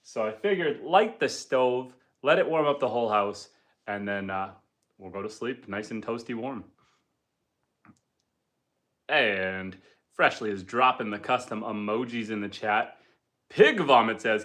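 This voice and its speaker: A man of middle pitch with a bright, forward voice hosts a casual homestead livestream. He talks easygoingly, full of ums and uhs, as he reads out viewer comments. He sits indoors at home beside a wood stove fire. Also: a little slow. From Canada.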